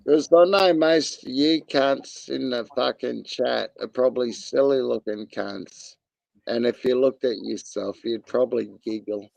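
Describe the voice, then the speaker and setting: Australian bloke streamer, drawling and gravelly, crude laid-back banter, dry close sound. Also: male voice, medium pitch, measured pace, a little mellow, no room sound. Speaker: livestream host. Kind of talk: casual chat while gaming on stream.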